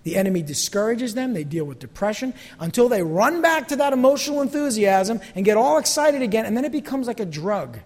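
A man's voice: high voice, animated, a little fast, hardly any pauses, darkish tone, long reverb tail. A man preaching a sermon as a pastor, acting out little voices and sometimes dropping to a near whisper.

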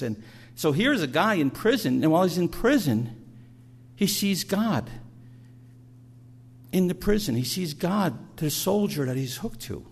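A man's voice: a little high, sing-song, a little slow, vocal fry, slightly rough. A middle-aged man preaching a sermon, telling stories in a conversational way and often repeating words as he goes. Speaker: pastor.

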